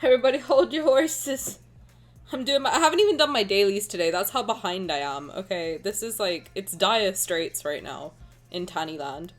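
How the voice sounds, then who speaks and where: A woman's voice: medium pitch, animated, moderate pace, fairly bright tone, soft background music. A woman streamer in casual live-stream chat, talking in a frantic, rambling, self-mocking way.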